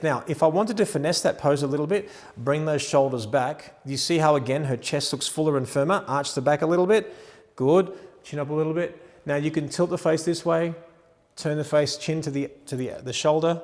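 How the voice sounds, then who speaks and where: A man teaching wedding photography posing, talking through each adjustment while gently directing a model. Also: mid-range voice, big-room sound.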